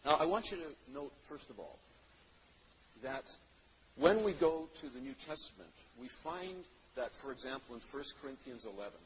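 A man preaching a sermon, reading scripture and then explaining it, with loud stressed phrases that drop to quiet endings. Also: medium pitch, lively intonation, normal speed, slight background noise. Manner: emphatic, swings between loud stresses and quiet trailing phrases. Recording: dull lo-fi sound.

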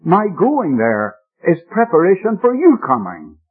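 A man delivers an earnest, emphatic radio sermon in a slightly husky voice. His pitch swings widely as he stresses key words. The sound is thin and boxy, like an old broadcast heard over a phone-like band. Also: wildly swooping pitch, unhurried. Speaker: preacher. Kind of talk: radio Bible-teaching sermon.

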